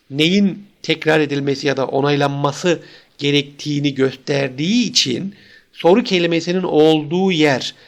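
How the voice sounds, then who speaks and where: A man's voice: fairly high pitch, gravelly. A man giving a recorded university lecture, explaining patiently with frequent fillers.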